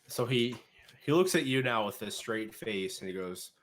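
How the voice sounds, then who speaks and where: A man with a fairly low voice narrates as game master of a tabletop game. He rambles along loosely, with fillers between the beats of the scene. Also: expressive, moderate pace, noisy background.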